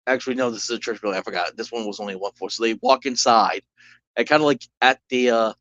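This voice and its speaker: A man's voice: medium pitch, fast talker, fairly bright tone, no echo. Rambling man narrating a solo tabletop game. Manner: rambling, full of "like" and restarts. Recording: dull lo-fi recording.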